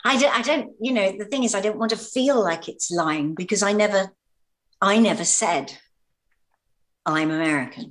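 An English actress recalling stories in an interview, hesitant, often repeating words and laughing. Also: female voice, mid-range voice, normal speed. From Britain. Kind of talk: anecdotal interview talk.

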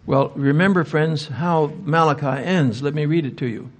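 A man's voice: on the high side, moderate pace. An older man speaking at a Bible conference, answering audience questions with emphatic rhetorical questions. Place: conference hall.

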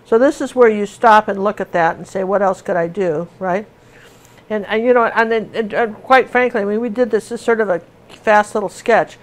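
A woman's voice: mid-range voice, moderate pace. A middle-aged woman teaching painting in a casual, rambling, chatty way with many fillers and restarts. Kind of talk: casual tutorial chat while painting.

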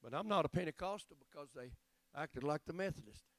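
A man preaching a revival sermon as guest preacher, telling folksy stories that break into shouting. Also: a little high, expressive, a little fast, no room sound. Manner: folksy storytelling, bursts of shouting.

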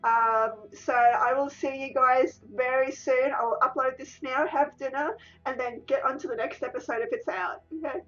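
A woman's voice: sits high, steady tone, moderate pace, few pauses, a bit bright, soft background music. A woman doing let's-play commentary, emotional and exclamatory, often repeating the same exclamations. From Australia. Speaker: gaming YouTuber. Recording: distant, dull lo-fi mic.

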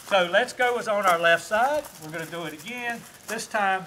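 A Southern US man with a high, bright, forceful voice teaches dog training outdoors. He explains each step to the camera, then snaps out short commands to the puppy, with a faint hum of outdoor ambience behind him. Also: expressive, fairly quick, few pauses.

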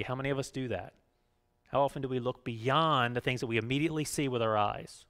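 A man pastor giving a conversational sermon, often checking in with his listeners and swinging between emphatic raised lines and quiet low ones. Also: fast talker. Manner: conversational preaching, frequent "right?" asides.

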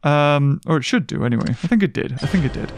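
Animated high-voiced gamer. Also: male voice, fast, gravelly, a little hiss or hum. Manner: playful, jokey, bursts of excitement. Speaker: gaming video host. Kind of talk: excited gameplay commentary. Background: game music.

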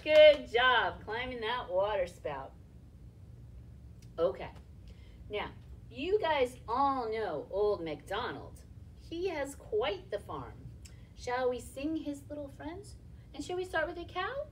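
A woman's voice: on the high side, sing-song, slow, recorded from a distance, slight background noise. A woman leading a library storytime for toddlers, singing nursery rhymes and cheering the children on in a sing-song voice. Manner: sing-song, encouraging, speaks to small children. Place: library room, indoors.

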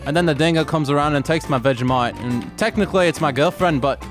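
A man doing a crude joking Australian bloke in a mock Australian accent, rambling and deadpan. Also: on the high side, quick pace, faint music behind, lightly acted. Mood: mock-serious.

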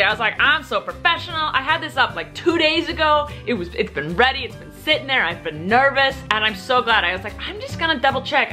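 A young woman in her twenties talks straight into a camera she holds at arm's length at home, quick to get excited and chatty. Her voice sits a little high and sounds bright and sharp. Faint music plays behind her. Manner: excitable and chatty, swings into high squeals when stressed. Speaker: vlogger. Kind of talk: casual vlog chat. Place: at home, indoors.

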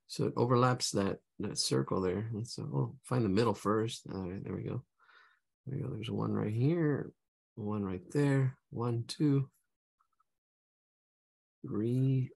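Drawing teacher, male, gravelly, slow, losing his voice, casual and chatty. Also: medium pitch, darkish tone. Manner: casual, hums and talks to himself while sketching. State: losing his voice, clearing his throat. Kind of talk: live online drawing class.

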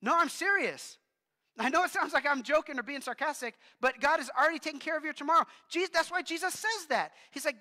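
A male pastor preaching a sermon in a casual, animated way, with asides to the congregation. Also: very high-pitched, brisk. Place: church hall. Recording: long hall reverb.

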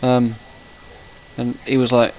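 A man's voice: mid-range voice, monotone, slow pace, a little mellow, poor audio. A man giving casual let's-play commentary, rambling and chatty and breaking off to react to the game. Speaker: gaming channel host.

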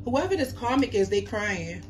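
A woman's voice: medium pitch, normal speed. A woman giving a casual tarot reading, talking emphatically to viewers. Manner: animated, emphatic, talks back to the cards. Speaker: tarot reader.

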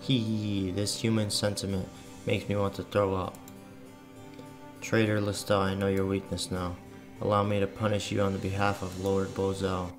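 A scheming female demon sorceress gloats and sneers, voiced by a man reading game text. The voice sits low with a gravelly edge. Soft game music plays underneath. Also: little pitch movement, moderate pace. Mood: gloating. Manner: mocking, gloating. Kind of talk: reading game dialogue aloud. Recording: faint game music behind.

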